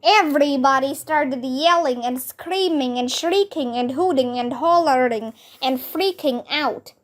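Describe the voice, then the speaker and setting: A woman reading a children's chapter book aloud, clear and deliberate. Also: high voice. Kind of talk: storybook read-aloud.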